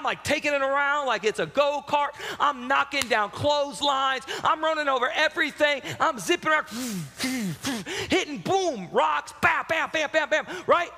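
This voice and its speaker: A pastor preaches a sermon in a large hall, telling a personal story that shifts lively from loud, excited bursts to quiet, reflective passages. His voice is a little high.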